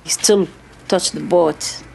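A middle-aged woman with a lowish voice tells her own story as testimony. Her English is halting and non-native, broken into short phrases, and a faint ambient hum sits underneath. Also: fairly even intonation, vocal fry, darkish tone. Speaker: survivor giving testimony. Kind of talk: personal testimony.

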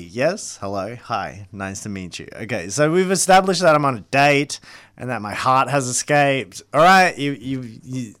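A man, performing a theatrical stage story that swings from loud to hushed. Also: mid-range voice, animated, unhurried, no room sound. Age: 30s. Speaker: comedic performer.

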